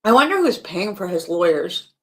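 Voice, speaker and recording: A woman's voice: lowish voice, very animated, normal speed. Woman, casual live commentator, talks off the cuff in a wry, chatty way. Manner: chatty, wry, thinking aloud with laughs and asides.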